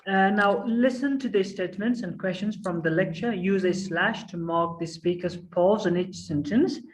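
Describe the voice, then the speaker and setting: A man's voice: sits high, normal speed, slight background noise, low-quality recording. A man teaching an online class, patient and repetitive, often asking whether the students follow. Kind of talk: online English lesson. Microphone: online class call.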